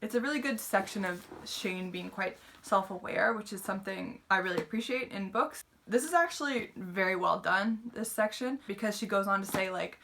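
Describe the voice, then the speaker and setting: A woman's voice: medium pitch, normal speed, creaky, hardly any pauses, sharp tone, a little hiss or hum. A woman giving a casual, chatty book review, retelling the plot with lots of "like" and fillers.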